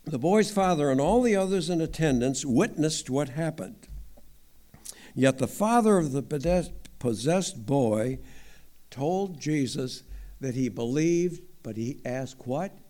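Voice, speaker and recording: A man's voice: on the high side, expressive, takes it slowly, mellow. A man teaching the Bible as a layman, talking in a conversational way with wry asides. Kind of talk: informal Bible teaching talk.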